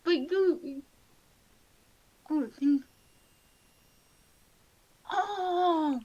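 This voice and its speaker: A woman streaming and chatting casually, with a playful, whiny streak of mock-crying. Her voice sits high and she takes her time. The sound is dry and close. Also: drawn-out words, darkish tone, dry recording, highs cut off. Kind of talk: casual stream chat while gaming and drawing.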